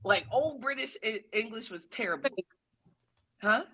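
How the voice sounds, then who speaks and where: Animated, laughing American woman. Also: a little high, normal speed, husky. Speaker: podcast co-host. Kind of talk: casual chat.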